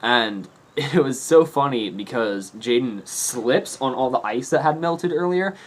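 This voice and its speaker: A man's voice: medium pitch, lively intonation, a little slow. A young man telling a story to his camera in a rambling, casual way, laughing and swearing often. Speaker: vlogger. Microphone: camera mic.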